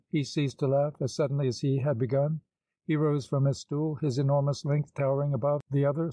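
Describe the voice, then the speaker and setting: Man narrating an audiobook, measured storytelling, slightly high pitch, mellow tone. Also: dry recording, low-quality recording. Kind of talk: scripted narration.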